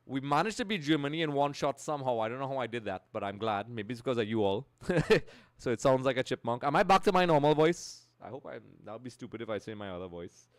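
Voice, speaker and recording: A man's voice: mid-range voice, lively intonation, fast, no echo. A male gaming streamer chatting live, greeting viewers and reading out the chat.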